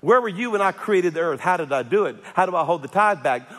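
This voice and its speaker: A man's voice: high-pitched, animated, fast talker, a bit bright. A man voicing God as a challenging male figure who fires off rhetorical questions. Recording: echoey hall.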